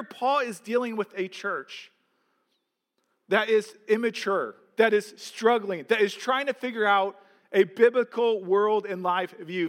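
A man's voice: sits high, a bit bright, long reverb tail. A pastor preaching a sermon in an earnest, emphatic way, asking his listeners questions.

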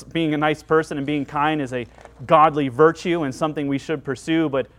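In a mid-range voice, a pastor delivers an earnest, dynamic sermon, shifting between emphatic lines and quieter, hushed ones.

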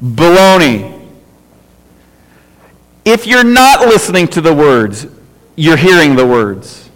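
A man's voice: on the high side, big pitch swings, a little slow, fairly bright tone. A middle-aged man, a pastor, preaching a conversational sermon with lots of repetition and rhetorical questions. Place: church sanctuary. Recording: reverberant church hall.

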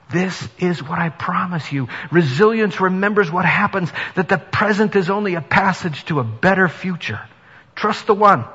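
A man's voice: sits high, sharp tone, slightly rough. A male pastor giving an earnest sermon that rises to emphatic preaching in a church. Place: church sanctuary. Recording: dull sound with long reverb in a hall.

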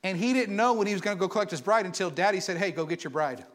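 A man preaching a sermon to his church, animated and conversational, asking the congregation for responses. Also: sits high, very fast. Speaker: pastor.

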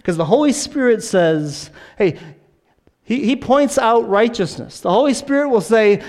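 A man's voice: sits high, lively intonation, unhurried, a little mellow. A man preaching a sermon, earnest and insistent, often repeating a word as he presses a point. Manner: earnest, repeats words when stressing a point.

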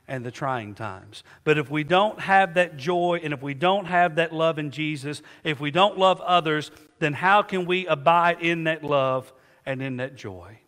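A middle-aged man preaching from the pulpit with a slightly high voice that rings out through a long church reverb. He swells into emphatic, rhetorical lines, asking the congregation questions and then answering them himself. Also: a bit bright. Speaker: pastor. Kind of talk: sermon. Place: church sanctuary.

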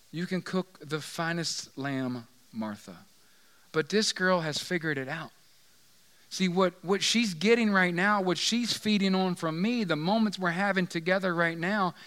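A man voicing a calm, wise teacher who gently corrects and explains. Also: high-pitched, full character voice. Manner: patient, explaining.

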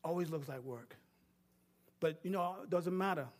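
A man preaching a sermon, rising from quiet talk to shouting and asking the congregation to call back answers. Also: a little high, moderate pace. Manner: builds from quiet to shouting, call-and-response questions. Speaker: pastor.

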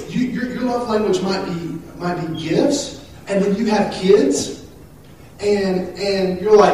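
Male pastor, high voice, jokey and chatty; distant mic in a very echoey hall with faint hiss. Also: warm tone. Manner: joking, conversational, with frequent restarts. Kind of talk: sermon. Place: church hall.

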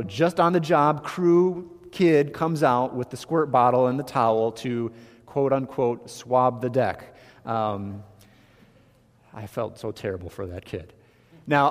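Pastor, man, animated storyteller, mid-pitched voice, long hall reverb. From Michigan. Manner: animated storytelling, emphatic swings in loudness. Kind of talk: sermon.

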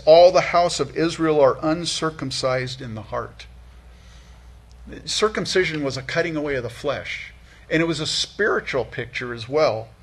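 A man's voice: mid-range voice, creaky, husky. A man preaching an earnest, conversational sermon, often repeating himself as he works toward a point and lifting his voice for emphasis. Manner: earnest, conversational, many restarts, rises for emphasis. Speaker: pastor.

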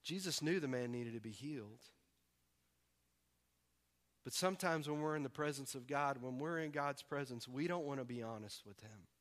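A man from the preaching a sermon, animated and acting out voices with humor. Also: mid-range voice, moderate pace. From American South. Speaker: pastor.

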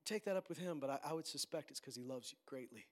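A male pastor preaching a sermon, swinging between loud, ringing declarations and low, soft pleading. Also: animated, fast. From Canada.

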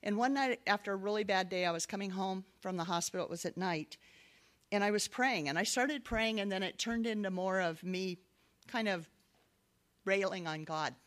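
A woman's voice: mid-range voice, normal speed. A middle-aged woman giving a sermon-style personal testimony, telling her story earnestly with light laughs. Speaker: speaker giving a devotional talk.

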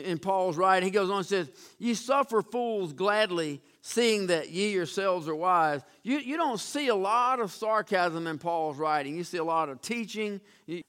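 Male preacher, high and crisp, emphatic sermon delivery. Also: fairly bright tone. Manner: emphatic, repetitive restarts, addresses congregation.

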